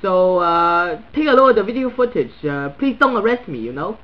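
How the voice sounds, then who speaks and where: A man's voice: high-pitched, animated, normal speed, dull audio, heavy background noise. A man doing a crude Chinese guy with a heavy ranting style. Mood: grumbling. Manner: broken English, crude and blunt, stuttering repeats. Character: crude, blunt middle-aged Chinese man, new to social media. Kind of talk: comedic character monologue.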